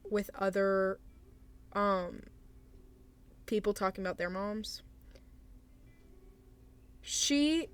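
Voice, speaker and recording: Young woman streamer, unsure and apologetic, mid pitch, lots of awkward little laughs. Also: fairly bright tone. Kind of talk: casual livestream advice chat.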